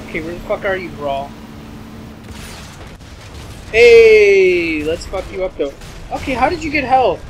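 A man's voice: high voice, a little hiss or hum. A man giving profane, rambling let's play commentary and getting easily frustrated with the game. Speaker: gameplay commentator. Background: game music.

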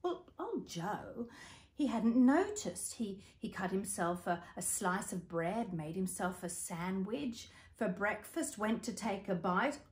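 A woman's voice: mid-range voice, expressive, slow. A woman with an Australian accent telling a story to children, playful, asking the listeners questions and making sound effects.

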